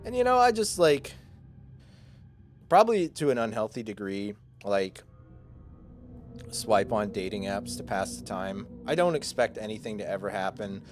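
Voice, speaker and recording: A man's voice: on the low side, sing-song, normal speed, long pauses, faint music behind. Rambling young man telling a story. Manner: rambling, filler-heavy, self-deprecating storytelling. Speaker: streamer. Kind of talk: casual chat with stream viewers.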